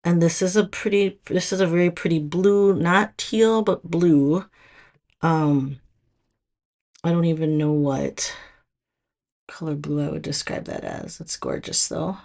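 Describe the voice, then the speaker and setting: Slow, low-voiced Minnesotan woman. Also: steady tone, a little mellow. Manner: chatty, loose, lots of fillers and restarts. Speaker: nail product stylist. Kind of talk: casual product showcase.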